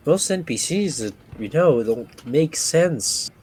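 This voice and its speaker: A man's voice: on the high side, lively intonation, takes it slowly, a little mellow, a little hiss or hum. A man playing in a tabletop game, chatting casually with dry, joking remarks. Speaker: player.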